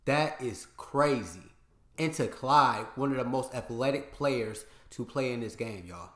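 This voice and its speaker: A man's voice: mid-range voice, animated, a little slow, fairly bright tone. A man hosting a reaction video in casual chat, slangy and repeating his points for emphasis. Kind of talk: casual commentary. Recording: roomy echo.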